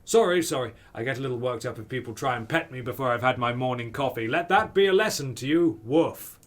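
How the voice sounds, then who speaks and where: A man voicing an excitable male dog who teaches a class, tacking a woof onto his sentences in a video game reading. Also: mid-range voice, a little fast, natural voice. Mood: fussy. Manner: punctuates sentences with a barked woof. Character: panting male dog professor, fussy and excitable.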